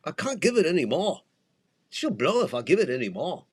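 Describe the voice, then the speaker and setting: A strained Scottish starship engineer pushing his engines to the limit, as a man puts him on. The Scottish accent is broad and clumsy, pitched well above a normal speaking voice. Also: very animated, a little fast, slightly rough. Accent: Scottish (put on). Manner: exaggerated, clumsy impression.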